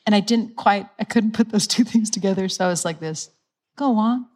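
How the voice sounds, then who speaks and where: A woman's voice: mid-range voice, brisk, a little mellow. A woman preaching a sermon in a casual, conversational way. She laughs often and acts out the lines she quotes.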